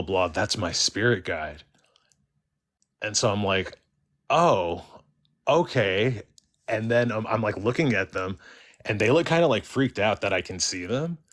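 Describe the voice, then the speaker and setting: Low-voiced man, casual call-in storyteller, rambling with constant filler words. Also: fairly bright tone. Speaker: caller sharing a story on a live stream. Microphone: live stream call-in.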